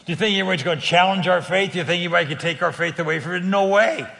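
Male guest storyteller, lively and laughing, gravelly voice with long reverb. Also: sits high, rapid-fire. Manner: lively, laughs often, acts out the people he quotes. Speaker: guest telling a faith story. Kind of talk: animated storytelling in a talk-show interview.

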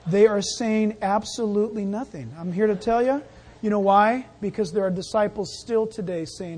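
Pastor, sermon, animated delivery, playful asides, acts out scenes, mid-pitched voice. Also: moderate pace.

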